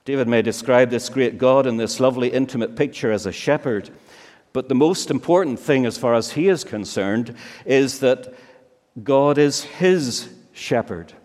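A man preaching a sermon, slow and emphatic, with many searching rhetorical questions. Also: medium pitch, a little mellow. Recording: long reverb of a large hall.

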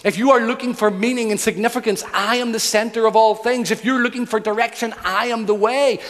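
A man preaching, voicing God as a gentle, tender figure who invites weary people to come. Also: sits high, steady tone, brisk. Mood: tender invitation. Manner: soft, inviting, repetitive. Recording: long hall reverb.

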